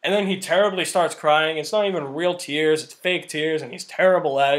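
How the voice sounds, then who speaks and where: A man's voice: a little high, fairly even intonation, fairly quick, hardly any pauses. A man giving a casual movie review in an exasperated, ranting manner.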